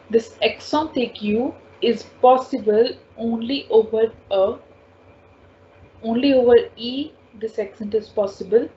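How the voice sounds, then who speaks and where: Here the French teacher's voice is a little high with a dark tone, and her delivery is a little slow. She patiently goes over each word and sound several times in this slow spoken lesson, recorded as dull lo-fi audio with faint background noise.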